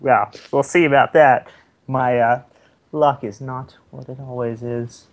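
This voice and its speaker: A man's voice: mid-range voice, fairly even intonation, a little slow. A man playing a knight in a tabletop game, speaking earnestly and formally in character. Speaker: player.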